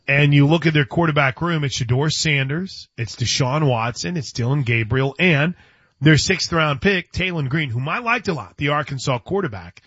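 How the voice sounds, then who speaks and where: A man's voice: on the high side, expressive, normal speed, fairly bright tone, breathy edge, no echo, highs cut off. A man hosting a sports radio show, chatting casually and often restarting his sentences. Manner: chatty, stumbles and restarts, laughs.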